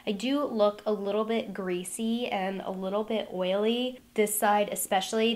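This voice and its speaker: A woman beauty vlogger doing casual check-ins at home, chatty and upbeat, with lots of "like" fillers. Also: medium pitch. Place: at home by large glass doors.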